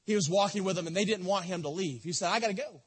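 High husky preacher man, churchy reverb. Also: fast talker. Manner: impassioned preaching, swings from loud to soft. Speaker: pastor. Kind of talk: sermon. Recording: long reverb of a church hall.

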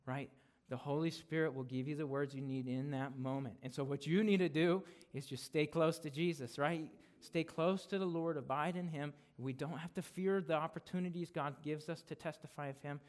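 A man preaching an expository sermon as a guest speaker in a conversational way. He often adds a quick "right?" and gets louder to stress a point, then drops soft to close it. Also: a little high.

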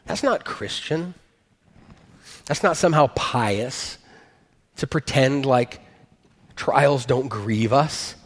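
A man's voice: mid-range voice, lively intonation, slow pace, pauses often, husky, in a large hall. A man preaching a sermon as a pastor, earnest and emphatic, rising to stress his points.

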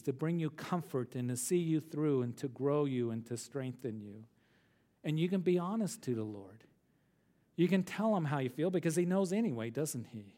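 Reading scripture aloud, a pastor with a mellow, mid-range voice teaches the Bible verse by verse. He is earnest, tosses tag questions to his listeners, and repeats words when restarting a thought.

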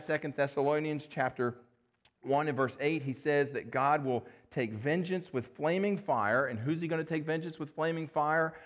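A pastor preaching an earnest sermon, reading scripture and asking rhetorical questions. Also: male voice, medium pitch. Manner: earnest, rhetorical questions, addresses listeners as friends.

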